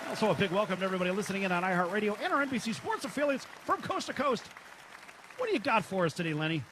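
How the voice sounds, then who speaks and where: A man hosting a sports talk show, loud, brash and joking, reading ads and bantering with his co-host. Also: sits high, big pitch swings, racing, a crowd in the background, noisy background.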